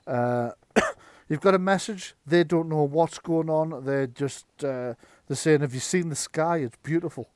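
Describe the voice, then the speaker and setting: Male GM, relaxed chatty delivery, slightly higher voice, dry close sound. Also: clear, resonant tone, no room sound. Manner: chatty, laughs often, slips into quick character voices. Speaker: game master. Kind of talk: narrating a tabletop game.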